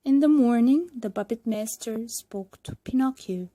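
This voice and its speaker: A woman reading a storybook aloud to learners, clear and deliberate. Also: a little high, mellow.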